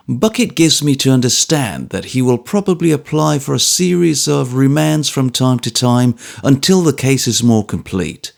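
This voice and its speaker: A man's voice: on the high side, vocal fry, full character voice. A man reading a bluff, stubborn old trooper. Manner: steady, polite, stubborn. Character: bluff good-humoured ex-soldier, man, middle-aged. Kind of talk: audiobook character reading.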